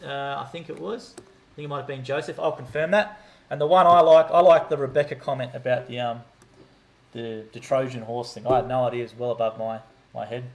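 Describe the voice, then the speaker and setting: A man co-hosting a casual chat, upbeat and quick in bursts. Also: mid-range voice, poor audio. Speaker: co-host.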